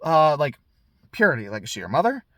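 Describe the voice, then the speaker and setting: A man voicing a charming, cruel male killer, slow and teasing, with a put-on Irish accent. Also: a little high, wildly swooping pitch, bright, forceful tone, no echo, clean studio sound, exaggerated voice.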